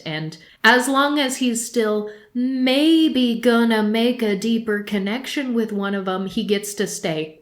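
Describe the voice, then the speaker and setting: A woman co-hosts a casual podcast, her voice sitting at an everyday middle pitch. She talks animatedly and with clear exasperation, and she breaks into laughter often. The room around her gives a roomy, echoey sound. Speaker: podcast co-host.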